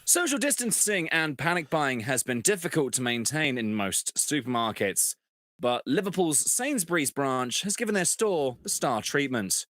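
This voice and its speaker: A man's voice: a little high, big pitch swings, moderate pace, a bit bright, no echo, clean studio sound. A man hosting a mock news show in a formal anchor style.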